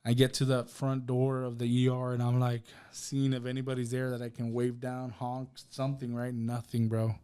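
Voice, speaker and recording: At normal speed and with hardly any pauses, a man speaks in a completely flat, medium-pitched voice that sounds mellow, clear, and resonant. He's a podcast guest casually sharing a personal story, retelling it through quoted dialogue and fillers like "right?" and "bro."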